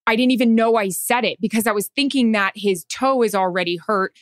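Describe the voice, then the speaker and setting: A woman's voice: mid-range voice, moderate pace, hardly any pauses, fairly bright tone, no echo, clean studio sound. A woman, a sideline reporter, telling an anxious story in casual chat.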